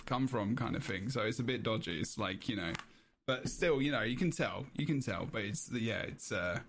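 A man's voice: lowish voice, moderate pace, slight background noise. A man with a North East London accent hosting a casual podcast chat, laughing and wandering into asides. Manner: animated, laughing, trails off into asides. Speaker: podcast host.

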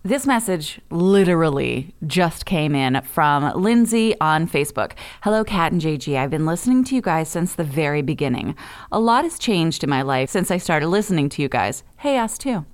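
A woman's voice: low voice, sing-song, normal speed. A woman co-hosting a podcast, reading listener mail aloud in a chatty way and laughing between lines. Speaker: podcast co-host.

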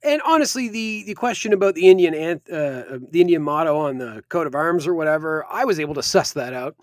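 A man's voice: a little high, animated, fairly quick, no room sound, studio quality. A man co-hosting a podcast, talking bluntly and sarcastically about a film. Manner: blunt, sarcastic, swears casually. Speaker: podcast co-host. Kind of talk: casual film discussion.

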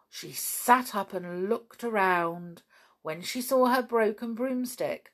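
A woman reading a children's story aloud in a slow, expressive way. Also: medium pitch.

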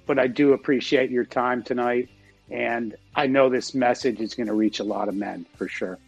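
A man's voice: medium pitch, steady tone, normal speed, vocal fry, husky, faint music behind, poor audio. A man hosting an interview, encouraging and affirming toward his guest. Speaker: host. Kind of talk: interview talk.

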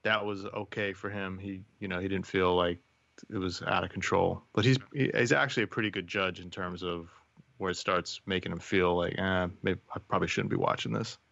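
A man's voice: deep voice, fairly even intonation, moderate pace, creaky, a bit bright, dry recording. A man co-hosting a podcast, speaking thoughtfully and hesitantly with many fillers. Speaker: podcast co-host. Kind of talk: casual chat. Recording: slightly dull, dry sound.

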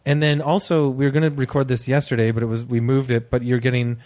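A man's voice: mid-range voice, little pitch movement, fast talker, a little mellow. A man hosting a casual comedy podcast chat, laid-back, laughing often and trailing off mid-thought. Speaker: podcast host.

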